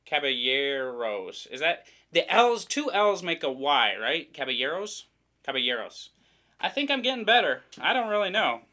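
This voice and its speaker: A man's voice: high voice, sing-song, moderate pace, sharp tone. A man from the American Midwest giving a casual, rambling unboxing commentary, joking and poking fun at himself as he goes. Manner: rambling, joking, self-deprecating. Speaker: vlogger reviewing products.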